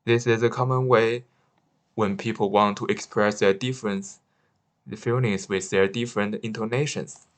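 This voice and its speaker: Halting lowish-voiced man reading a study. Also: steady tone. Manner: careful, slightly halting, with restarts. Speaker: student presenter. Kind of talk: read-aloud class presentation.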